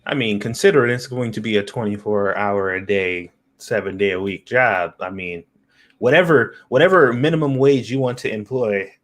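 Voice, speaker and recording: A man's voice: on the low side, normal speed, a bit bright. A man co-hosting a casual podcast, speaking in a dry, laid-back way. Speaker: podcast co-host.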